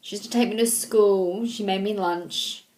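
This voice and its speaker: A woman in her thirties talking to her viewers in a casual, heartfelt way, halting and sentimental, with frequent ums and restarts. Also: mid-range voice, fairly even intonation, darkish tone. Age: 30s. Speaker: vlogger. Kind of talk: casual heartfelt talk to camera.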